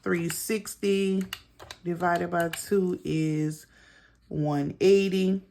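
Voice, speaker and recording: A woman's voice: lowish voice, fairly even intonation, extremely slow, creaky, mellow, a little hiss or hum. A middle-aged woman running through her monthly bills in a casual budgeting vlog, chatting to viewers as she adds up figures. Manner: chatty, talks to viewers as girl and y'all while adding up figures. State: out of breath. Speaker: budgeting vlogger.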